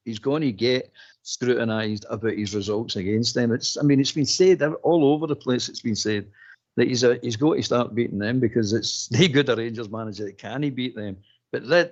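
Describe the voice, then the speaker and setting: A man talking football in casual chat, animated, repeating himself and laughing mid-sentence. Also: mid-range voice. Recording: dull lo-fi stream audio.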